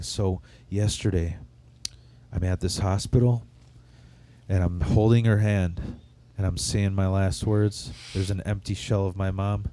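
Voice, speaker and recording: A man's voice: deep voice, fairly even intonation, a little slow, dark tone. A man hosting a podcast, telling rambling, profane comic stories in casual chat. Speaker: podcast host. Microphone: studio microphone.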